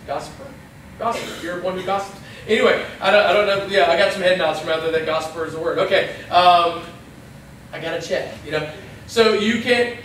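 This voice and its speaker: A man preaches in a relaxed, talky way, now and then voicing short imagined lines. His voice sits high for a man. The sound is very roomy and echoey, picked up from a distance in a church hall with a faint hiss underneath. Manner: conversational, acts out little quoted lines. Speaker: pastor. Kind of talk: casual youth sermon.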